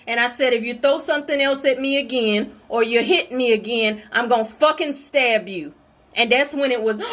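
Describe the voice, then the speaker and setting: High-voiced woman ranting profanely. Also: fairly bright tone. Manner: profane, fiery, confrontational. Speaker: spiritual video creator. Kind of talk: heated spiritual rant.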